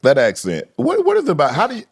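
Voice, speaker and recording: Lively Southern man hosting an interview. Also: high-pitched, quick pace, creaky, husky. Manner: lively, chuckling, asks questions. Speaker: podcast host. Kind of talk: casual interview chat.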